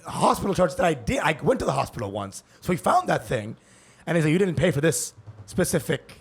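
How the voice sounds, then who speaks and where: A man's voice: fairly high pitch, big pitch swings, brisk, husky. A man co-hosting a comedy podcast, telling a story in a loose, profane way and laughing between lines. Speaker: podcast co-host. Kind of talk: casual comedic podcast chat.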